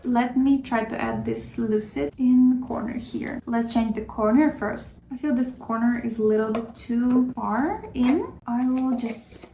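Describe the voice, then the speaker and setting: A woman narrates her makeup routine in a casual, rambling way, full of self-critical asides. Her voice is mellow with a gravelly fry. The recording carries the echo of a roomy space. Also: fairly high pitch, measured pace, few pauses, a little hiss or hum. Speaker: makeup vlogger. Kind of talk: casual makeup tutorial commentary. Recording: echoey room.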